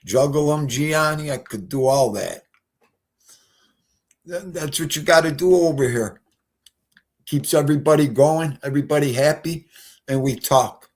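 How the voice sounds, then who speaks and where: A man hosting a casual livestream chat, rambling and emotional as he talks to his guests and the chat. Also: fairly high pitch. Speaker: livestream host.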